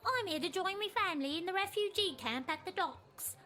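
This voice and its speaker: A woman's voice: extremely high pitch, lively intonation, brisk, pushed and bright, full character voice. A woman voicing a sickly, poor little goblin boy in a video game who coughs and talks earnestly. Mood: pitiful. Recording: game audio with faint music.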